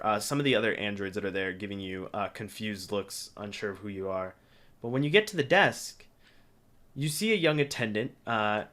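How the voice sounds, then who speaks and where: Bright-voiced man narrating as game master. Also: medium pitch. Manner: relaxed, with frequent filler pauses.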